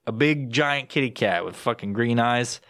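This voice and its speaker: A man's voice: moderate pace, dry recording, clean studio sound. A young man hosting his own podcast, ranting casually with constant swearing and rambling restarts, recorded on a home podcast mic. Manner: jumps into high excited voice when quoting himself. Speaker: podcast host. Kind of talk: casual solo podcast rant. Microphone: podcast microphone with headphones.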